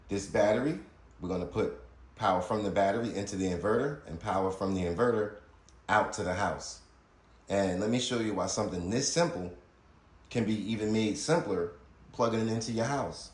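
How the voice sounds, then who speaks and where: A man's voice: on the low side, fairly quick, roomy sound. A man hosting a casual how-to video, talking straight to viewers in a blunt, chatty way while he works around his house. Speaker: DIY solar video host. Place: house interior, laundry area.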